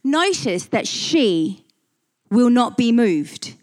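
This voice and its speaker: A woman's voice: a little high, very animated, drawn-out words, darkish tone. A woman preaching a sermon, earnest and emphatic, reading scripture and repeating key phrases for weight.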